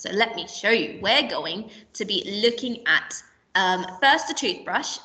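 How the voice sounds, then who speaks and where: A woman teaching a recorded primary school literacy lesson, explaining clearly and patiently and slipping into playful example voices. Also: medium pitch, pushed and bright, far from the mic. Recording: echoey room, voice a bit off-mic.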